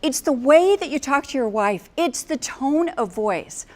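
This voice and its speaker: Brief: older American woman, marriage coach, earnest teaching talk, slightly high voice. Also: expressive, unhurried. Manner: earnest, acts out phrases with emphasis.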